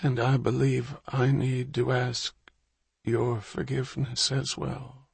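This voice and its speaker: A man's voice: medium pitch, flat delivery, slow, vocal fry, breathy edge, dry recording, pitched above the performer's own voice, full character voice. A man voicing a gaunt, dying old minister who speaks in a weak, faint whisper. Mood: peaceful. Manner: faint and hushed.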